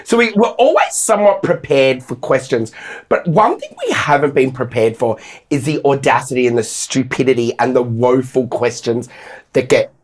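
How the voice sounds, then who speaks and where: A man co-hosting a casual podcast, telling stories in a blunt, sweary, animated way. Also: medium pitch, moderate pace. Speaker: podcast co-host.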